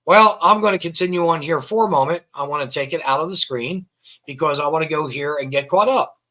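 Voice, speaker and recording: Host, man, bright tense voice, slightly high, rambling scornful commentary. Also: fairly quick. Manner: rambling, repeats phrases, scornful. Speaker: online show host. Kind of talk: casual commentary reading out records.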